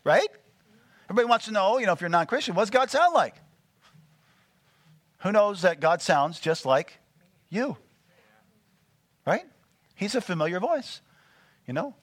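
A man preaching a sermon, animated and full of call-and-response questions to the congregation. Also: high-pitched, normal speed, pauses often, dry recording. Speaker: pastor.

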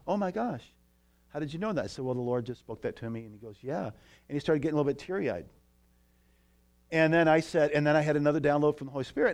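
A man preaching a sermon in a church, telling a story with lively asides to the congregation. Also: mid-range voice. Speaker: pastor.

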